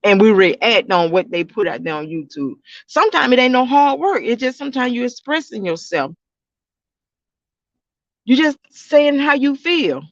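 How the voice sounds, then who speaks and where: High-voiced man, loose casual vlog talk. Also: very animated, normal speed, a bit bright, no room sound, muffled recording. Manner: rambling, repeats himself, talks straight to viewers. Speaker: YouTube reaction channel host.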